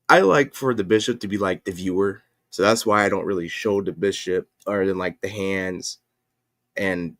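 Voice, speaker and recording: A man's voice: low-pitched, no echo, clean studio sound. A man chatting casually on his livestream, rambling and often correcting himself with lots of fillers. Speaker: livestream host and comic creator.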